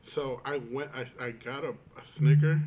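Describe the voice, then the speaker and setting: A man's voice: mid-range voice, fairly even intonation, normal speed, warm tone, slight background noise. A man with in his speech, telling stories in a rambling, casual chat with friends. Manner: rambling storyteller, many restarts and quoted asides.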